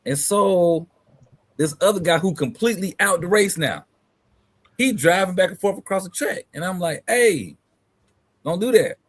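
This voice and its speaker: A man's voice: sits high, normal speed, a bit bright, no room sound. A man hosting a live hobby talk stream, telling stories in a laid-back, slangy way. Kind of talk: casual chat, storytelling.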